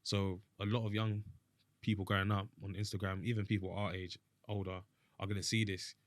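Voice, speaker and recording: Fast-talking young man, dry sound. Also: fairly low pitch, little pitch movement, no echo. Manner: rapid, keeps checking he is understood. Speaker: podcast co-host. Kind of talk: casual chat.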